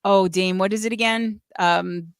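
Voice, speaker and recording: A woman's voice: mid-range voice, steady tone, a little slow, clean tone, no room sound, clean studio sound. A woman hosting a live music show, chatting enthusiastically, swearing freely and reading out chat comments. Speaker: host.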